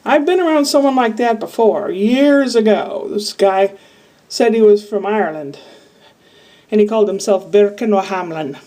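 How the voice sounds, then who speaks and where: With a warm, mid-range voice at a moderate pace, an Iowa woman vlogs an open, rambling diary-style monologue stuffed with asides. The mic picks her up from a bit of a distance.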